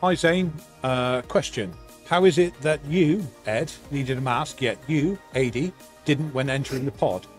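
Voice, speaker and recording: A man's voice: mid-range voice, a little slow, faint music behind. A man co-hosting a live stream, casually reading things off the screen and answering viewers. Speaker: studio co-host running the stream.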